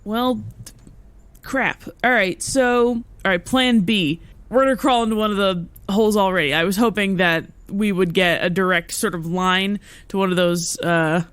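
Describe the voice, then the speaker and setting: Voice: medium pitch, fairly even intonation, normal speed, a bit bright, clean tone, no echo. A player in a casual tabletop game, wry and self-mocking, swearing casually.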